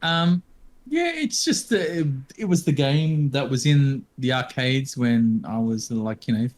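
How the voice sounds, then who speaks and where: A man's voice: medium pitch, expressive, measured pace. A man in his fifties co-hosting a podcast, talking casually with many ums and restarts. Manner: hesitant, lots of ums. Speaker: podcast co-host. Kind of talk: casual chat.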